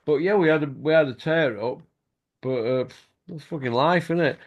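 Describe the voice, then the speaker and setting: A man's voice: a little high, normal speed, lo-fi sound. A middle-aged man, hosting a boxing show and telling stories in casual chat, swearing freely and laughing as he goes.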